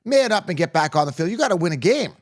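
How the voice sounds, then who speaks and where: A man's voice: high voice, sing-song, quick pace. A man hosting a fantasy football show, giving blunt, opinionated sports commentary to camera and often tagging lines with "okay?" or "right?".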